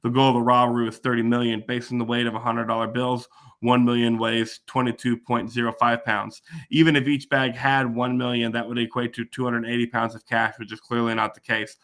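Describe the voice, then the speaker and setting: Man, podcast host, casual chat, reads trivia, methodical, mid pitch. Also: little pitch movement, fairly quick, a bit bright. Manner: methodical, matter-of-fact.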